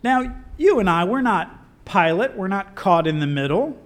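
A man preaching a sermon in an animated, conversational way with wry asides. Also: high-pitched, normal speed.

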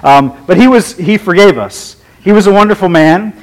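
Male preacher, higher than usual pitch, wry humorous storyteller, conversational sermon delivery. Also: moderate pace, rough recording.

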